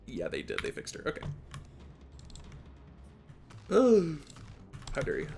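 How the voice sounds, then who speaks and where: Male streamer, high and very expressive, casual self-talk commentary; faint background music. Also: slow, gravelly. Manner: animated, talks to himself, sudden yelps and laughs. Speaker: speedrunner streamer. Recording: faint music and keyboard behind.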